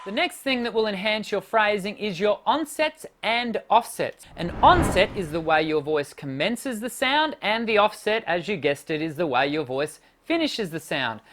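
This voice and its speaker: A woman vocal coach giving a singing lesson in a clear, expressive teaching voice. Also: medium pitch, normal speed, hardly any pauses, slight background noise.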